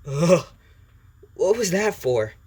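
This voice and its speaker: A man's voice: medium pitch, expressive, a little slow, voice pushed up. A man doing a flustered, jumpy teenage boy. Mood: panicked. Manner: flustered and stammering.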